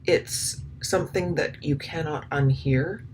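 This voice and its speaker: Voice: medium pitch, slow pace, slight background noise, low-quality recording. Hesitant, indignant commentator. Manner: hesitant, many ums and restarts; indignant, sarcastic asides. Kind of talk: spoken commentary.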